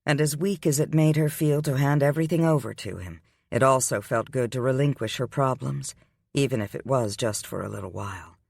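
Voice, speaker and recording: Male audiobook narrator, romance novel, even unhurried reading, mid pitch, dry close sound. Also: vocal fry, no echo. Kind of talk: scripted narration.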